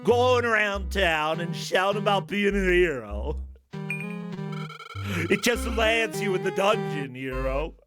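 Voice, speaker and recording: A man's voice: sits high, animated, takes it slowly, music in the background, pitched above the performer's own voice. A man voicing a taunting male jailer in a game reading, using a put-on British accent he calls bad himself. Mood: mocking. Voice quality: self-admittedly bad British accent, sneering.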